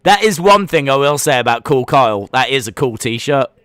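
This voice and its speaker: Bright-voiced man calling wrestling live. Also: medium pitch, moderate pace, clear, resonant tone, no echo. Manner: excited play-by-play, then answers chat questions in a relaxed, rambling way. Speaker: live-stream reaction host. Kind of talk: live wrestling watch-along commentary.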